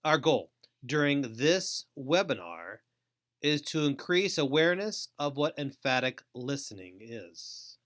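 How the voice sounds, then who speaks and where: Middle-aged male host, mid pitch, unhurried measured delivery, emphatic. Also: big pitch swings, a bit bright. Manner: slow, deliberate, emphatic delivery with pauses. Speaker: host and trainer. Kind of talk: scripted training webinar.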